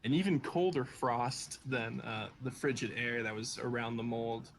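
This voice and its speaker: A man's voice: medium pitch, normal speed. A man in a mid-range voice runs the tabletop game, describing rooms and traps in a casual, easygoing way. He laughs often with his players, and a faint hiss of noise sits under his voice. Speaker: game master.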